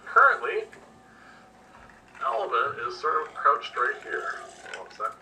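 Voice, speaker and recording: Bright-voiced man running a tabletop game. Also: a little high, unhurried. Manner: relaxed descriptive narration with many fillers. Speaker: game master. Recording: distant mic with faint noise.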